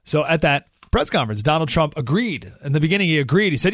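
A man hosting a talk radio show, delivering an animated monologue full of rhetorical questions and sarcasm. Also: on the high side, fast, dry recording, clean studio sound.

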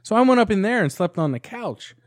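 Podcast co-host, male, higher voice, animated crude storyteller, dry mic. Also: brisk, dry recording. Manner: animated, swears a lot, acts out quotes loudly.

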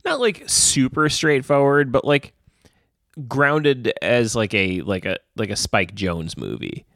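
A man's voice: mid-range voice, big pitch swings, takes it slowly, creaky, a bit bright, no echo, clean studio sound. A man co-hosting a podcast, chatting playfully about movies with a teasing, hesitant manner. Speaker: podcast co-host. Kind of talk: casual chat about movies.

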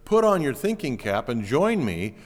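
A male pastor delivers a teaching sermon with earnest emphasis. His pitch swings lively up and down as he stresses key points. The voice carries a long reverb from a large church hall. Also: normal speed.

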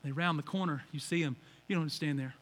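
A male pastor preaching a lively sermon, swinging from quiet reverence to loud shouts and playful acted-out quotes. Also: a little high, brisk. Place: large church hall. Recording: church hall reverb.

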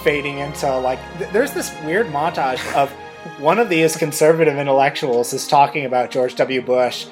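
A man co-hosting a podcast, describing a film with dry, sardonic humor. His voice sits a little higher than most men's. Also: moderate pace, music in the background. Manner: wry, sardonic recounting. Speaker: podcast co-host. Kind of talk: casual film-review chat.

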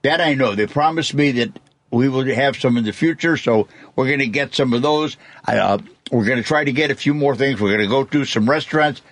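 A man's voice: medium pitch, fairly quick. A man co-hosting a radio show in casual, teasing chat. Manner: chatty, teasing, acts out kids' voices in stories. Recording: radio broadcast.

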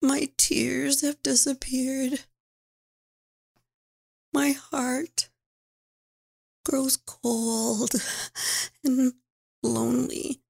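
A woman speaking as a frightened six-year-old girl taken from home, halting and pleading, at times whispering. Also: high voice, level tone, creaky, darkish tone, slightly rough, exaggerated voice.

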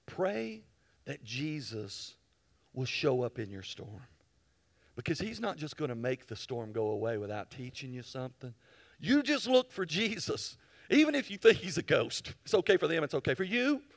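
Animated middle-aged man preaching a sermon. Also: medium pitch. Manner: animated storytelling, acting out voices and dialogue. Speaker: pastor.

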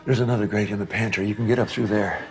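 A man's voice: lowish voice, very fast, a little mellow, natural voice. An actor playing an urgent, insistent middle-aged man in a TV drama clip. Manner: urgent, pleading. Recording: TV clip with music behind. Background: music.

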